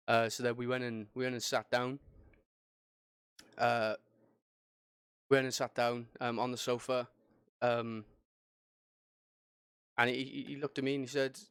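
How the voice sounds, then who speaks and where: A man's voice: medium pitch, steady tone, normal speed, pauses often, smooth, no echo, clean studio sound. A young man hosting a podcast, recounting a personal story in a rambling way, with many fillers and restarts. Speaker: podcast host.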